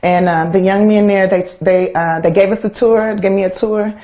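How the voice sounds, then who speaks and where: A woman in her thirties with an American accent, a guest in an interview, talking in a lively way and laughing often. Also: medium pitch, normal speed. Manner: animated, laughs often, acts out quoted voices. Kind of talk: casual interview talk.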